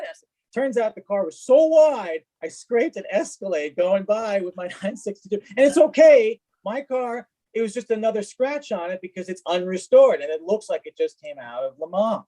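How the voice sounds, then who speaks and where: A man telling stories in a casual chat as a guest, lively, acting out what people said. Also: sits high, a little fast, poor audio. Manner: animated, acts out quoted dialogue. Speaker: guest, car collector. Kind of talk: casual storytelling.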